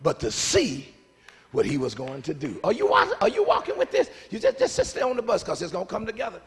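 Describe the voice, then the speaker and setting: A man preaching a lively sermon, talking with the congregation and swinging between shouted lines and hushed asides. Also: high voice, fairly quick, breathy edge, long reverb tail. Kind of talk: call-and-response sermon. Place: church sanctuary.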